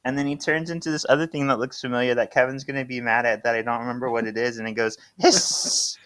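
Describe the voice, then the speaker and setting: A man's voice: medium pitch, little pitch movement, racing, fairly bright tone, no room sound. A man co-hosting a podcast, recapping a comic with jokes in casual chat. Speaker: podcast co-host.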